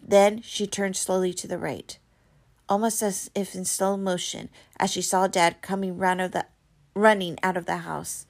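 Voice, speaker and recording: A woman reading a novel aloud, expressive, with small slips and restarts. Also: mid-range voice, normal speed. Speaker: reader.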